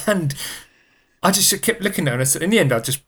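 A man's voice: on the high side, lively intonation, fairly quick, a bit bright, breathy edge. A man telling a funny story as a podcast guest, chatty and laughing, acting out voices. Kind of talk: casual storytelling. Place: studio.

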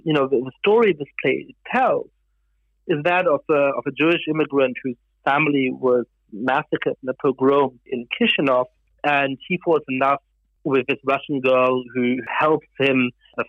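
A man who grew up in Germany, a guest giving thoughtful, measured interview answers with some fillers. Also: medium pitch, no room sound, dull audio.

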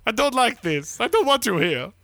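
Young guy hosting a podcast, jokey, swears a lot, high bright voice that jumps around. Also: normal speed, no room sound, clean studio sound. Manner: jokey, animated, swears freely. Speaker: podcast host. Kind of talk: casual podcast banter.

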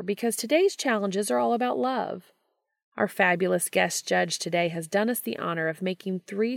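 A woman's voice: medium pitch, gravelly, no echo, clean studio sound. A woman voicing a brash, joking male game show host in a fan story reading. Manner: teasing, showy.

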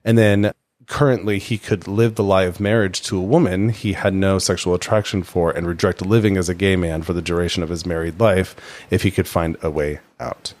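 A man with a very low voice retells a case to his co-host in loose, casual talk. He is blunt, swears freely and reacts loudly to the story. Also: steady tone, fairly quick. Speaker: podcast co-host. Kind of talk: casual chat.

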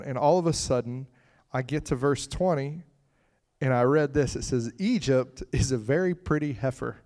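A man's voice: mid-range voice, normal speed, darkish tone. A man preaching a conversational sermon, chatting with the congregation and breaking into fits of laughter.

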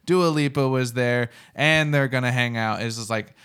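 A man's voice: mid-range voice, normal speed, a bit bright, clean tone. A young man co-hosting a casual talk show, speaking candidly with a joking, self-mocking manner. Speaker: podcast co-host. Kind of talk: casual chat.

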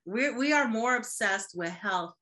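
A woman in casual podcast chat, animated, laughing often and acting out quoted voices. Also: fairly high pitch, a little slow. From Midwest.

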